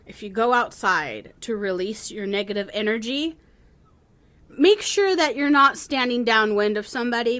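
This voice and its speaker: A woman co-hosting a casual podcast chat, joking in an unhurried way. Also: fairly high pitch, sharp tone. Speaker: podcast co-host.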